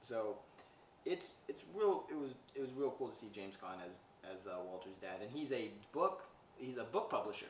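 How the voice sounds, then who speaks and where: A man's voice: medium pitch, big pitch swings, moderate pace, a little hiss or hum. A man hosting a podcast, recapping a movie in a loose, rambling way with lots of "he's like" quotes. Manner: rambling, retells scenes with "he's like" and acted quotes. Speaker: podcast host. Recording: echoey room, mic at a distance.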